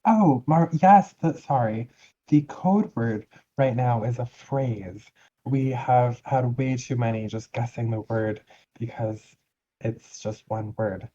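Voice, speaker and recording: A man's voice: medium pitch, dark tone, muffled recording, slight background noise, natural voice. A man voicing a gushing, sweet-talking female guild member in a tabletop game, fawning and chatty. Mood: sweetly eager. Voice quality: fawning and chatty, drawn-out syrupy phrasing.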